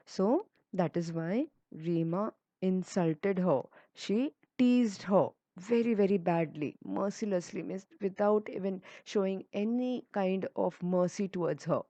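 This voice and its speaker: A woman teacher with an Indian English accent, slowly reading a textbook story and explaining what each word means. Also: on the low side, warm tone, no room sound. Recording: dull lo-fi recording.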